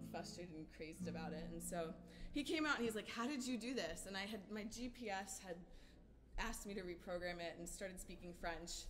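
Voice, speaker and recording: A woman singer-songwriter at a small hotel-room showcase, telling an animated, dramatic story to the audience between songs and laughing at herself. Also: medium pitch. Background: guitar playing.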